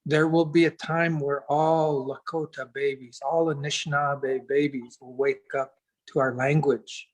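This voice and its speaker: A man as an interview guest, telling a reflective story in an earnest, unhurried way and pausing to search for words. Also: fairly high pitch, level tone, rough recording.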